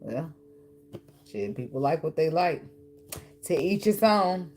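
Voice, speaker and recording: Low-voiced, blunt and profane woman tarot reader. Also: lively intonation, slow, darkish tone, faint music behind. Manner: blunt, profane and teasing, with frequent laughs. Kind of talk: casual tarot reading.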